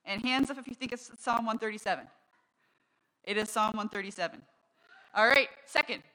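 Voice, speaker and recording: Bright-voiced woman pastor, casual sermon. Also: fairly high pitch, rough recording. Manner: conversational, reads quotes aloud slowly and brightly. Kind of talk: casual sermon with a quiz game. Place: church service.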